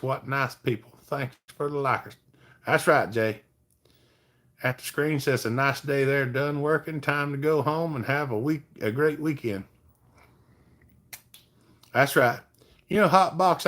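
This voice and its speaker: A man's voice: medium pitch, a bit bright. A middle-aged man, hosting a livestream in an easygoing, folksy way and chatting with viewers by name. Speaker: livestream host. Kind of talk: casual chat reading viewer comments.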